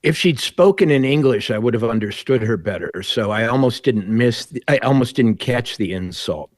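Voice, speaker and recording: A man appearing as a guest commentator on a political talk show, speaking in a wry, halting way. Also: medium pitch, expressive, no room sound, clean studio sound.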